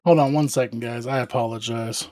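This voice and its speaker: A woman's voice: very deep voice, steady tone, fairly quick, dark tone. A woman hosting a casual livestream, chatting playfully with viewers and talking to her dog. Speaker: livestream host.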